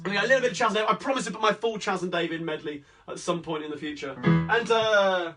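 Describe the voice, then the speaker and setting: A man with a Cockney accent chatting between songs as the host of a live-streamed sing-along, rambling cheerfully through requests and shout-outs. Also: high-pitched, fast talker. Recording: distant mic with guitar playing.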